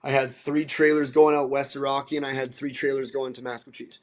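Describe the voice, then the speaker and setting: A man from central Alberta talking casually as a guest, animated and blunt, swearing now and then, restarting and repeating words. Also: medium pitch, fairly quick. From central Alberta, Canada. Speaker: guest, musician and dog rescue advocate. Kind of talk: casual storytelling.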